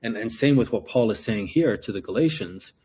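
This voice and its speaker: A man's voice: lowish voice, lively intonation, brisk, darkish tone, breathy edge, muffled recording. A man teaching a Bible passage verse by verse, explaining Greek words and often repeating himself as he works through a point.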